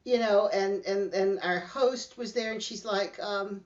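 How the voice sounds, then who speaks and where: A woman's voice: medium pitch, measured pace. A woman hosting a podcast, telling a story in casual chat and acting out what people said. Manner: animated, acts out quotes in shifting voices. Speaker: podcast host. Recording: dull lo-fi sound.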